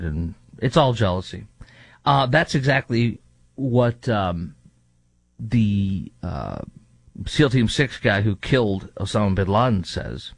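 A man's voice: lowish voice, no echo. A man hosting a talk show, giving political commentary with sarcastic, mocking asides.

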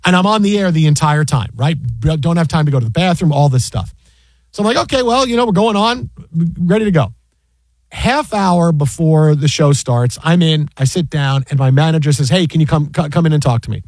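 Guy ranting fast about his old job, highish voice, dry close mic. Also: no room sound. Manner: animated, exasperated retelling with many restarts. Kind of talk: casual storytelling chat.

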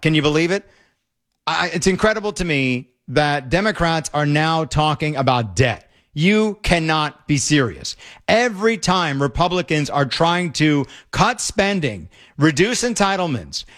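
Male talk host, higher voice, exasperated, fast rants, stumbles over words. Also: fairly bright tone. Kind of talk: opinionated talk radio commentary.

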